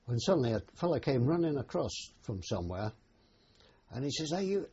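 A man's voice: mid-range voice, big pitch swings, mellow, husky. An older man, a war veteran, recalling his service in a plain, hesitant oral-history telling. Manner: plain unhurried storytelling with hesitations. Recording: dull lo-fi recording.

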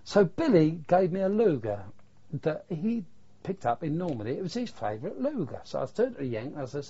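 A man's voice: a little high, sing-song, brisk, dark tone, breathy edge. An older man, recalling wartime memories in a plain-spoken, earthy way with mild swearing. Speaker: war veteran interviewee. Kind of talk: oral history recollection. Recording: dull lo-fi recording.

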